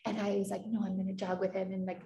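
A woman's voice: mid-range voice, flat delivery, quick pace, dark tone, muffled recording. A woman from the Midwest chats candidly, telling stories as a coach in casual conversation. Her voice sits in the middle of the range for a woman. The sound has a roomy echo. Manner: candid, storytelling with acted quotes.

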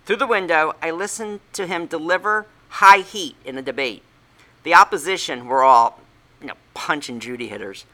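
A man's voice: fairly high pitch, normal speed, bright, forceful tone. A man reading a comic story aloud with a wry, mock-streetwise patter.

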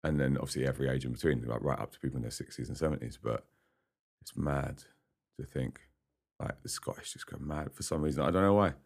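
Very deep-voiced chatty man. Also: fast talker, creaky, darkish tone. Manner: chatty, rambling, laughs often. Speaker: podcast guest, singer-songwriter. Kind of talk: casual interview chat. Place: studio.

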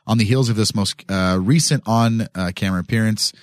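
Joking low-voiced man hosting a podcast. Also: brisk, dry recording, clean studio sound. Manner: loose, joking, rambling with restarts. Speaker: podcast host. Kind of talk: casual podcast chat. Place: small studio.

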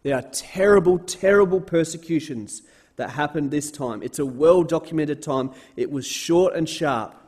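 A man's voice: on the high side, normal speed, darkish tone, breathy edge. A man giving an earnest Bible talk as a sermon, repeating words for emphasis and raising his voice when reading scripture. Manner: reads scripture aloud with rising force.

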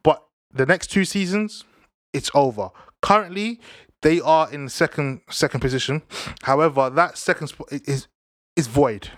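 A man's voice: a little high, unhurried, fairly bright tone, no echo, clean studio sound. A young man with a London accent who talks casually in heavy slang, repeating himself and handing out advice as he chats about the news and football. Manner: slangy, repetitive, preachy. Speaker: podcast host.

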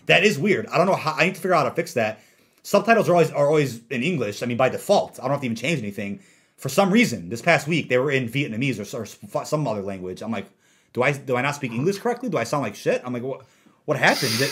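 A man's voice: mid-range voice, husky. Laid-back young man chatting on stream. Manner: laid-back, ranting, laughs often. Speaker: gaming YouTuber reading viewer comments. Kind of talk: casual livestream chat.

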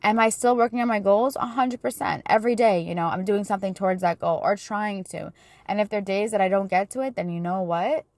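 A woman's voice: medium pitch, fairly even intonation, fairly quick, a little mellow, no room sound. A young woman hosting a casual faith-based podcast, chatting with lots of "like" and "you know". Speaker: podcast host.

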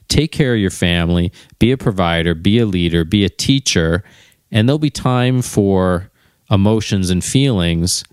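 A man's voice: deep voice, no room sound, clean studio sound. A middle-aged man talking through a personal reflection, candid and musing, often searching for his words.

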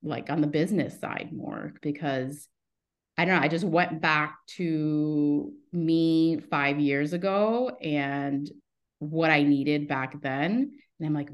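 A woman's voice: deep voice, takes it slowly. A woman in her thirties, a podcast guest telling her story in a casual, rambling way, breaking off mid-sentence and acting out the lines of people in it. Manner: rambling, self-interrupting storytelling; acts out quoted dialogue in her stories. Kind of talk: casual interview chat.

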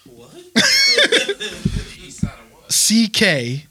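A man's voice: sits high, big pitch swings, fairly quick, sharp tone, husky. A young man teasing his friends playfully and laughing often in a casual podcast chat.

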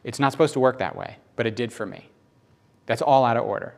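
A man's voice: quick pace, vocal fry. A middle-aged man preaching a sermon in a conversational, emotional storytelling manner. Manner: conversational, emotional storytelling with sudden rises in pitch.

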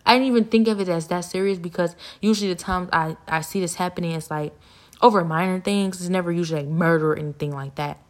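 A woman, talking in a rambling, animated personal monologue, laughing often and sometimes dropping to a near-whisper. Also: fairly low pitch, fast talker.

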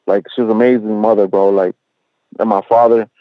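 Slangy, profane man with a low-fi sound. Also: little pitch movement, brisk, no room sound, narrow, tinny audio. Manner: slangy, profane, peppered with "bro" and "you know what I'm saying"; mixes in Spanish phrases. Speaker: rapper guest. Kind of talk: casual interview chat.

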